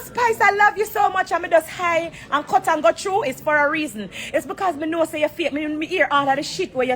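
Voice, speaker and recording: Jamaican woman, high-pitched, confrontational, swears freely, live from an airport on her phone. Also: fairly bright tone. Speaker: entertainer on a social media live. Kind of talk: heated live-stream rant. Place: airport corner, indoors.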